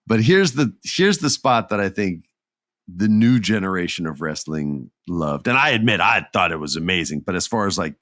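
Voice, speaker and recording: A man's voice: deep voice, no echo, clean studio sound. A middle-aged man hosting a podcast, chatting enthusiastically and animatedly about wrestling. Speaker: podcast host. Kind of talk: casual wrestling commentary.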